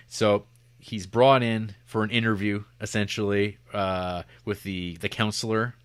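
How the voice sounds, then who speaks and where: Brief: male podcast co-host, low voice, rambling and jokey, dry close-mic sound. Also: fairly even intonation, measured pace, fairly bright tone, clear, resonant tone, no echo. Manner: rambling, jokey, lots of fillers and restarts. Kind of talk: casual film review chat.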